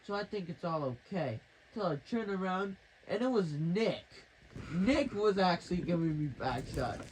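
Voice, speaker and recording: A man's voice: high-pitched, expressive, normal speed, a little hiss or hum, rough recording. A man telling a rambling, crude, mock-dramatic improvised story.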